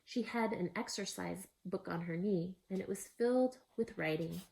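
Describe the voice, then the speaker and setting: A woman reading a children's novel aloud, expressive, with soft hushed asides. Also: on the low side, normal speed, creaky. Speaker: storyteller. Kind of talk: storybook reading.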